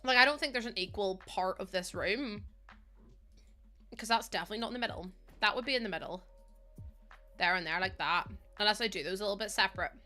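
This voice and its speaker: A woman in her twenties from Ireland chats casually and rambles while streaming a game at home, laughing often. Her mid-range voice is bright and forceful, and she talks fast with frequent pauses over soft background music.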